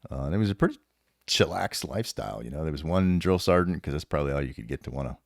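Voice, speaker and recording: A man in his fifties, a retired sergeant major and podcast guest, telling stories casually with an animated, profane manner and lots of laughter. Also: a bass voice, fast, vocal fry, no room sound, studio quality. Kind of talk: casual storytelling.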